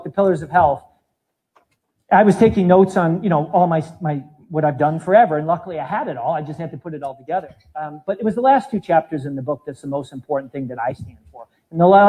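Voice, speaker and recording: A man in his fifties, a fitness trainer giving an animated live talk to an audience, demonstrating exercises as he speaks. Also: fairly high pitch, low-quality recording. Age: 50s.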